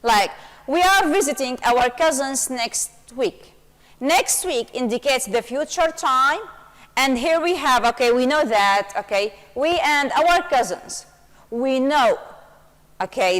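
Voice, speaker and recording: A woman English teacher, her voice sitting a little high, walks through grammar rules slowly and patiently. She keeps slipping in "okay" as she explains each step. The recording carries a long, hollow reverb. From Syria. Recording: long reverberant room echo.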